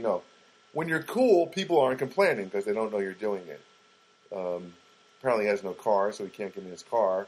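A man's voice: lowish voice, animated, brisk, darkish tone, slightly rough, low-quality recording. A man telling a rambling, casual story about his week, with frequent restarts.

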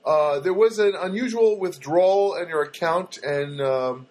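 A woman's voice: lowish voice, measured pace, a little mellow, natural voice. A man quoting a female bank agent who calls a customer, in a polite customer-service tone.

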